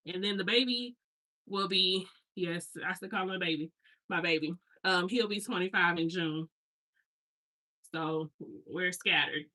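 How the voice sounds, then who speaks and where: Thirties woman vlogging while unpacking, talks in loose tangents w slang, sharp bright tone. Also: on the low side, rough recording. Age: 30s. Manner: chatty, rambling storyteller with slangy asides. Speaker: hair stylist and vlogger. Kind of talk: casual chat while unpacking.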